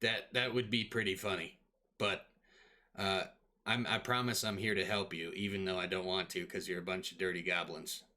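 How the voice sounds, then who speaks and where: A man putting on a grumpy male dwarf spirit stuck in a magic hammer for a tabletop game. He sounds impatient and grumbles insults. The voice sits a little low. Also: steady tone, moderate pace, pushed and bright. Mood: grudging.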